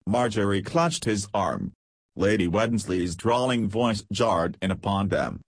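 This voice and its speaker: A man narrating an audiobook in a steady, measured reading. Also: fairly low pitch, no echo.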